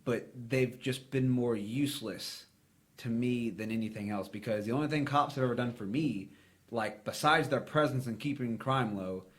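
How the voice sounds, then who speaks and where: Speaking at a moderate pace with a medium pitch, this American podcast co-host rambles through blunt opinions and swears a lot. The talk is a casual podcast discussion.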